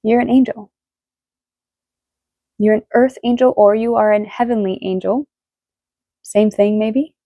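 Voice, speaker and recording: A woman giving a casual tarot reading, excitable and emotional, swearing freely as she talks. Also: medium pitch, moderate pace, no echo, highs cut off. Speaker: tarot reader.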